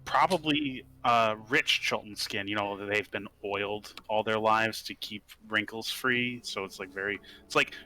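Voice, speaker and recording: A man's voice: lowish voice, unhurried, hardly any pauses, sharp tone, poor audio. A man playing a tabletop game, chatting casually in a rambling, jokey way.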